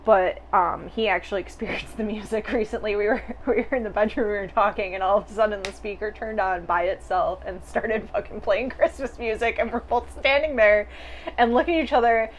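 A woman's voice: mid-range voice, a little fast. Woman, podcast host, casual chat, giggly, swears offhandedly, faint background noise. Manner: chatty, laughs often, swears casually.

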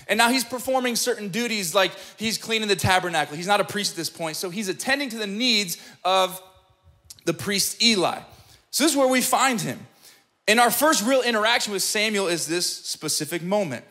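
A male pastor preaches in a high, bright voice, emphatic and conversational. He often checks in with the listeners as he explains scripture, and his delivery keeps a forceful edge. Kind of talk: sermon.

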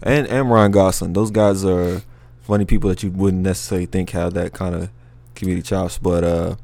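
A man's voice: deep voice, fairly even intonation, fairly quick, creaky, a little mellow. A man co-hosting a casual podcast chat, laid-back and agreeable, chiming in with yeahs. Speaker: podcast co-host.

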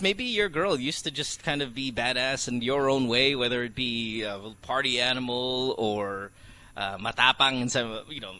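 A man's voice: mid-range voice, sharp tone. A middle-aged man hosting a morning radio show, joking and teasing his co-host and mixing in Tagalog words.

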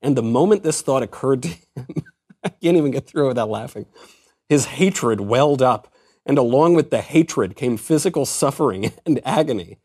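A man's voice: mid-range voice, animated, normal speed, darkish tone, husky. A man hosting a casual book discussion, amused and laughing as he reads passages aloud. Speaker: podcast host.

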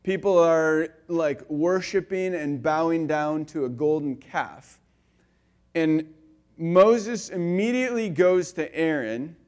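A male pastor giving a conversational sermon, telling stories with lively swings between loud and quiet and filling his talk with "like" and "you know.". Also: a little high. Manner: animated storyteller, swinging between loud and soft; casual, with frequent "like" and "you know".

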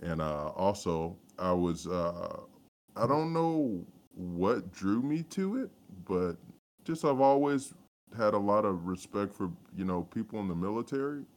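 A man's voice: lowish voice, sing-song, unhurried, a little mellow. A man co-hosting a casual podcast chat, rambling with many fillers and restarts. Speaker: podcast co-host.

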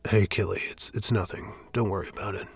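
Guy reading as an evasive priest dodging questions, gravelly voice. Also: on the low side, fairly even intonation, fairly quick, dry recording, full character voice. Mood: defensive. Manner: guarded, evasive, then shouting. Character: defensive, evasive male temple priest.

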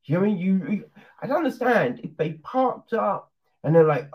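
A man's voice: on the high side, big pitch swings, normal speed. A man casually reviewing a film on his channel, laughing, swearing and throwing in lots of rhetorical asides. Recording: dull lo-fi recording.

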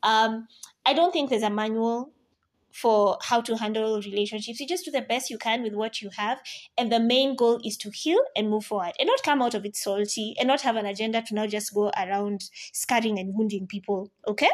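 A woman's voice: on the high side, a little fast. A woman in her thirties hosting a podcast, sharing life lessons in a casual monologue with playful asides and mock quotes. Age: 30s. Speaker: podcast host.

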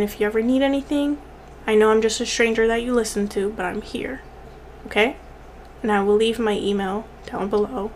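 A young woman speaks straight to the camera in an earnest, heartfelt way, her slightly high voice doubling back on words to stress them. Tears creep in now and then. A faint hiss sits under the recording. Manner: earnest, repeats words for emphasis. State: tearful at times. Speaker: vlogger. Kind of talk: heartfelt direct-to-camera encouragement.

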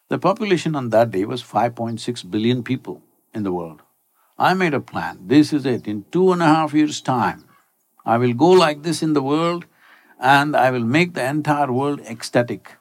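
Husky, mellow-voiced older man addressing a crowd. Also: mid-range voice, expressive, a little slow, long pauses. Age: 60s. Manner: rhetorical, prodding listeners with repeated "Hello?". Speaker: spiritual teacher. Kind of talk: talk to a live audience.

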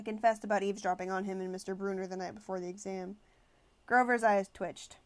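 Female audiobook narrator, mid pitch, measured storytelling. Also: steady tone. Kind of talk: first-person novel narration.

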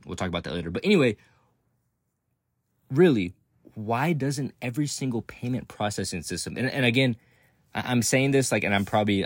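Husky profane man ranting casually. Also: low voice, no room sound. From Texas. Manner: profane, rambling, laughs often, swings up into excited outbursts. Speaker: podcast host.

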